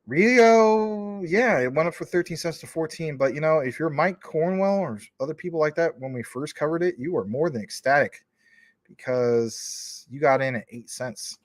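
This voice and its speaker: A man's voice: a little high, normal speed, dry recording. Rambling man reading viewer comments. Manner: rambling, informal, many fillers. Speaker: crypto livestream host. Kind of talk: casual livestream chat reading comments.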